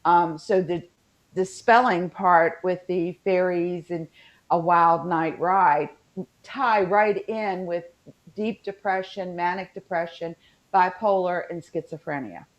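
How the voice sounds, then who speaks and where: A woman's voice: fairly low pitch, fairly even intonation, slow pace, dull audio. A woman with a West Virginian accent, co-hosting a casual chat over a video call, rambling with frequent ums. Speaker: co-host.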